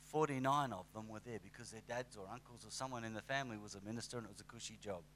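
Lively conversational male preacher. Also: fairly low pitch, rapid-fire, a little hiss or hum. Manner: conversational, animated with acted asides. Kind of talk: sermon.

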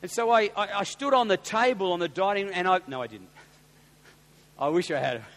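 An Australian man and pastor tells a story in a sermon, animated and getting loud when excited. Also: high-pitched, normal speed. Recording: long hall reverb with faint hum.

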